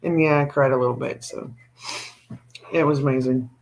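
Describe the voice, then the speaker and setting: A man's voice: medium pitch, fairly even intonation, moderate pace, creaky. A man co-hosting a livestream, chatting casually and telling stories in a teasing, talkative way. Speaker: livestream co-host.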